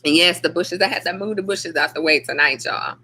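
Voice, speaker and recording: A woman chats casually on her own livestream. Her voice is bright and ringing. She greets viewers by name in long, drawn-out hellos and keeps the talk loose and friendly. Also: fairly low pitch, husky. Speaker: livestream host.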